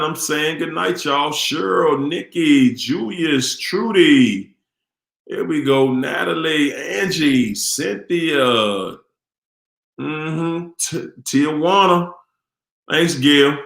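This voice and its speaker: A man's voice: fairly high pitch, creaky. Upbeat man hosting a live stream. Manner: greets viewers by name, relaxed and upbeat. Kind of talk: casual live-stream sign-off. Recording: echoey room.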